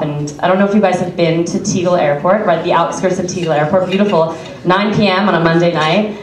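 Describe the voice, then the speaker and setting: A woman's voice: fairly low pitch, fast, few pauses. A young adult woman telling a chatty stand-up story, laughing through her lines. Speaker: stand-up comedian. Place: comedy club stage with audience. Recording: echoey club from far off, crowd.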